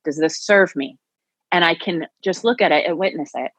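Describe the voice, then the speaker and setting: A woman's voice: low-pitched, moderate pace, fairly bright tone, dry recording, rough recording. A woman who teaches yoga and Pilates, telling her story earnestly as a podcast guest. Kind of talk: conversational podcast interview.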